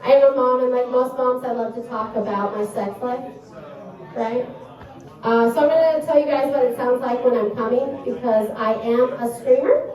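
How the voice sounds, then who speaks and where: A woman delivers a rambling, self-deprecating stand-up set in a slightly high voice. She sounds far from the microphone, and the small club around her rings with a heavy echo. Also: fairly even intonation, moderate pace, darkish tone. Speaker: comedian. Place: small comedy club stage. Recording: echoey club heard from a distance.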